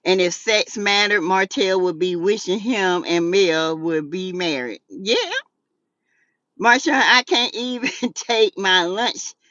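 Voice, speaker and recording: A Southern woman hosting a casual gossip show, sassy and animated, laughing often as she reads out chat messages. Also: medium pitch, takes it slowly, dry recording, muffled recording. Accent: Southern US, South Carolina. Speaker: YouTube talk show host. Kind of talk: casual gossip commentary reading live chat.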